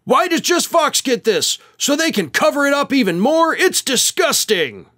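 A man's voice: very high voice, very animated, normal speed, bright, forceful tone, voice pushed up, heavily acted. A man doing a whiny, outraged businessman. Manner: blustering, complaining. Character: indignant middle-aged businessman, whiny and outraged.

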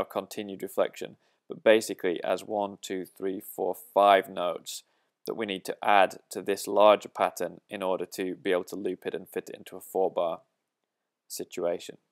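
A man's voice: deep voice, steady tone, normal speed. A man teaching a drum lesson, explaining a pattern step by step and counting the beats aloud.

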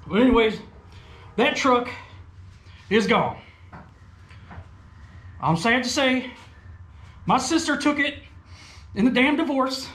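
A man's voice: very high-pitched, fairly bright tone, reverberant. A man hosting an RC truck video, telling a rambling, folksy, crude comedic story in a put-on rural persona. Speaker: RC hobby video host. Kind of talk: comedic rural character monologue.

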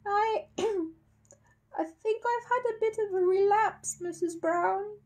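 A woman's voice: very high voice, takes it slowly, a little mellow, voice pushed up, heavily acted. A woman voicing a polite, anxious young male bear who speaks hesitantly and earnestly.

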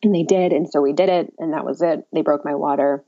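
A woman shares a birth story as a podcast guest. Her voice is low, mellow and gravelly, and she talks in a candid, chatty way with a wry, self-mocking edge. The audio is dull and lo-fi. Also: fairly even intonation, fairly quick. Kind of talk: casual birth story telling.

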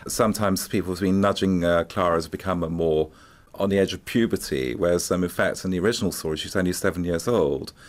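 A man's voice: low-pitched, fast. A man speaking as a music expert guest in a radio interview, telling stories with frequent ums and hesitations. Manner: hesitant, many ums, animated storytelling.

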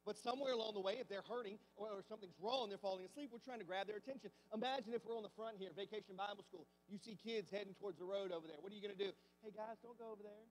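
A man's voice: high voice, very fast, hardly any pauses, in a large hall, slight background noise. A man preaching a sermon as pastor, talking conversationally and asking the congregation many rhetorical questions. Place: church sanctuary.

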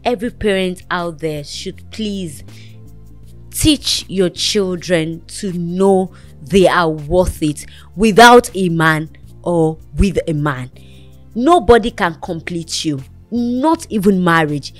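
A woman with a low voice hosts a talk show. She counsels a young guest in an earnest, motherly way and preaches encouragement. Soft music plays faintly under her. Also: lively intonation, slow pace.

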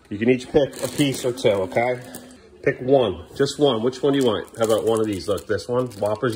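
A man's voice: mid-range voice, noisy background. A man filming a casual family vlog at home, coaxing and joking with his children as he hurries them through bath time. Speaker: father filming his kids.

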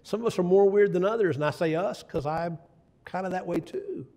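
An older man with a high-sitting, mellow voice preaches a sermon at a brisk pace. He tells folksy stories and throws in asides to the congregation.

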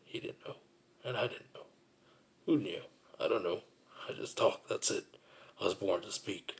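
A man's voice: fairly low pitch, normal speed. A man telling a personal story in a rambling, repetitive, reflective monologue.

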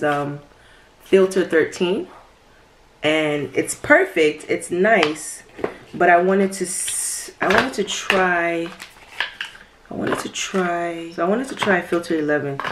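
A woman's voice: on the low side, background noise. A woman talking casually through a makeup tutorial in a chatty vlog, sometimes dropping to a whisper. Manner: chatty, drops to whispers at times. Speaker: beauty vlogger.

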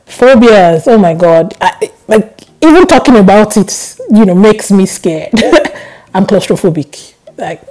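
A young woman vlogger chatting casually to camera, telling stories with animated laughs. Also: mid-range voice, low-quality recording. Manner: animated storytelling, laughs often.

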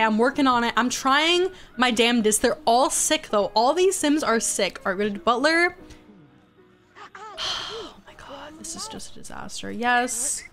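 A young woman streaming a life-sim game, chatting casually and sounding exasperated as she pleads with her characters. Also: a little high.

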